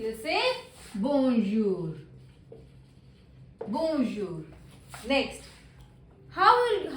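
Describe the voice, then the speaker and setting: A woman teaching a beginner French lesson, slowly repeating each word and its meaning. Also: high-pitched, a bit bright. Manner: slow, repetitive drilling of words. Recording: echoey room, faint ambience.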